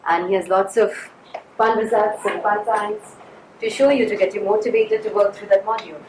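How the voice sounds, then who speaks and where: A woman, out of breath, casually introduces the next speaker. The room echoes around her, with clear background noise and clicks. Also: medium pitch, steady tone, moderate pace. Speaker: session host. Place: lecture room.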